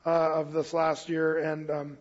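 A fairly high-voiced man preaching in an easy, chatty way, slowing down whenever he reads scripture aloud. His voice carries a long hall reverb, and the recording sounds slightly muffled. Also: completely flat delivery. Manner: casual, storytelling, reads scripture slowly. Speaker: pastor. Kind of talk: expository sermon.

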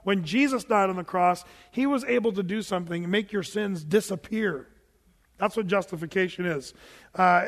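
A man preaching a sermon in a church, telling stories with animated delivery and laughing with the congregation. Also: high voice, normal speed, long reverb tail. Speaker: pastor. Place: church sanctuary.

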